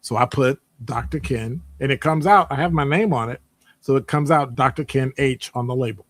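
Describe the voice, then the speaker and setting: A man talking casually in a rambling monologue, animated and digressive, jumping into high voices when quoting people. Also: moderate pace, no room sound. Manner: conversational, digressive. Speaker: podcast host; academic department member.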